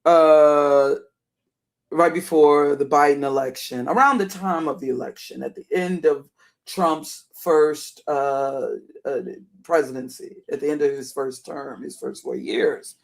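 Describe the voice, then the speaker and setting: A middle-aged woman with a deep alto voice, hoarse and worn, rambling through casual live-stream commentary and greeting viewers by name. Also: fairly even intonation, unhurried. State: hoarse, voice wearing out.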